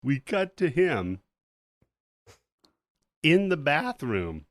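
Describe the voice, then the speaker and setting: A man hosts a podcast in casual chat, recapping a film with animated, profane storytelling. His pitch swings widely, and the voice is dry and close to the mic. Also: drawn-out words, no room sound. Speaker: podcast host. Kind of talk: casual movie review chat.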